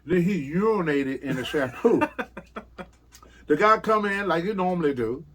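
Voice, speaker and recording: A man's voice: a little high, animated, normal speed, a bit bright, a little hiss or hum. An older man and former wrestler telling rambling, laughing stories in an interview. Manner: rambling storyteller who laughs often and acts out quotes. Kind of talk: casual anecdote telling.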